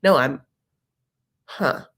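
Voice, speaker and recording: A woman's voice: very slow, a bit bright. A woman hosting a casual live reaction chat, chatty and sassy, tossing out jokes and asides as she recaps. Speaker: recap show host.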